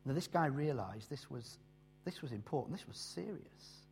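A man preaching a sermon, slowing down and swelling in loudness on key phrases before dropping low again. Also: lively intonation, vocal fry, slight background noise. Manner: emphatic, rises and drops in loudness and slows on key phrases.

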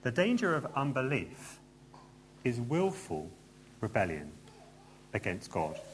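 A man's voice: medium pitch, wildly swooping pitch, takes it slowly, a little hiss or hum. A man preaching a sermon in a church, earnest and emphatic, with light asides to the congregation.

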